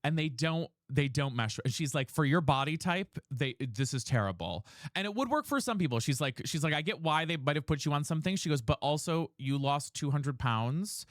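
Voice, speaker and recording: A man's voice: a little high, animated, fairly quick, hardly any pauses, dry recording, clean studio sound. A young man streaming and chatting casually, rambling and retelling a conversation line by line. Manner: rambling, retells others' words with "she's like". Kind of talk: casual chat while gaming.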